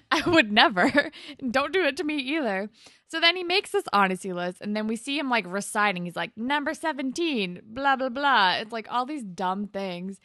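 A woman's voice: a little high, normal speed, no echo, studio quality. A woman co-hosting a podcast, chatting casually and acting out characters' lines as she recaps an episode. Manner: animated, acts out characters' lines when recapping. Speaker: podcast co-host.

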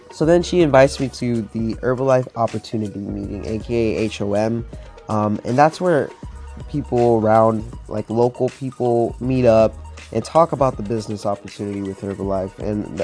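A young man telling a personal story in a chatty, excitable way to camera, with lots of fillers. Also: lowish voice. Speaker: vlogger.

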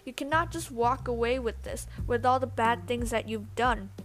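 A woman's voice: on the high side, normal speed, fairly bright tone, close to an everyday voice. A woman reading a storybook, voicing a determined young female ghost who speaks firmly. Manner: firm, commanding.

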